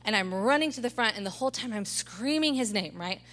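Bright-voiced woman preaching a lively sermon. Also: fairly high pitch, a little fast. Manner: animated storytelling, asks the room "right?" often. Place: church service.

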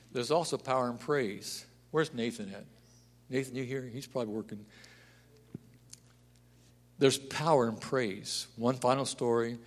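A pastor preaching a sermon, telling stories and rising to loud, emphatic declarations. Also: male voice, medium pitch. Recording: long hall reverb.

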